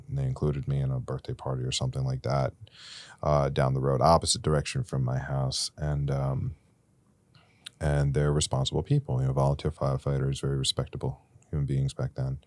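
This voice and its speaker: A young podcast guest with an extremely deep voice shares a rambling, candid recovery story, speaking fairly quickly in a monotone. The recording is close and dry with no room sound, and his voice rises loud and intense at its peaks.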